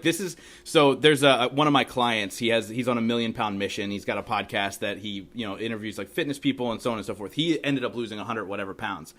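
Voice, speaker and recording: Fast-talking podcast host. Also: male voice, mid-range voice, fairly bright tone. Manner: rambling, full of "like" fillers. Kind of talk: casual interview chat.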